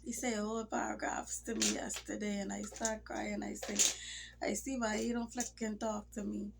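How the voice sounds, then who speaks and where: Through heavy background noise, a vlogger with a medium-pitched voice and vocal fry speaks at a moderate pace into a phone or camera mic. She's got a cold, and her casual, emotional rambling sometimes fades into near-whispers.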